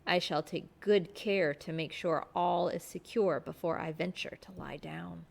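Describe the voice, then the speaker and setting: A woman reading aloud as an earnest, sharp-spoken young governess. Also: fairly low pitch, steady tone, a little slow, creaky, full character voice.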